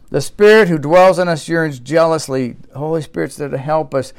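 A man preaching a sermon in a fairly high voice. He swings from loud, emphatic exclamations down to quiet, reflective asides. He repeats his key phrases for emphasis. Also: brisk, smooth. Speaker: pastor.

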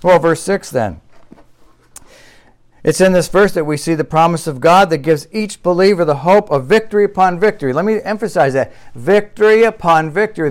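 A male pastor preaching a sermon, who repeats key phrases for emphasis and swings between loud, emphatic exclamations and quiet, reflective asides. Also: a little high.

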